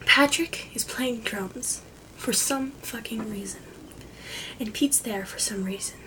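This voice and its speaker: A woman giving a joking dramatic reading, casual and giggly, swearing freely and often dropping to a soft whisper. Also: on the high side, rough recording. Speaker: amateur video maker.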